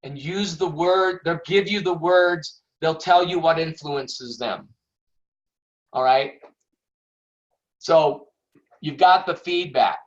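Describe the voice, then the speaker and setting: A man's voice: fairly high pitch, slow, long pauses. A man teaching sales questioning techniques on a video call, talking casually, acting out sample questions and laughing often. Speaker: sales coach. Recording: dull lo-fi video call audio.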